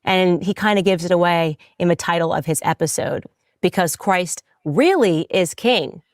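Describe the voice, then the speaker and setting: A woman's voice: fairly low pitch, normal speed, no echo, clean studio sound. A woman in a played clip, arguing her case indignantly with pointed rhetorical questions. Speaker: commentator defending herself.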